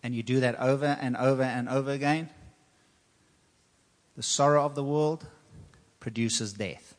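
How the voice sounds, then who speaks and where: A man's voice: medium pitch, fairly even intonation, unhurried. A man preaching a sermon as pastor, earnest and personal, repeating himself for emphasis. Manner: earnest, personal testimony with repetition. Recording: long hall reverb.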